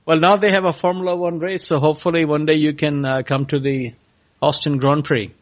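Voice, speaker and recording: A man hosts a podcast interview, pausing and restarting as he asks his questions. His voice sits a bit high. The sound is muffled and lo-fi. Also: little pitch movement. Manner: halting, asks questions with many pauses. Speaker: podcast host. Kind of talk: interviewing a guest. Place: California.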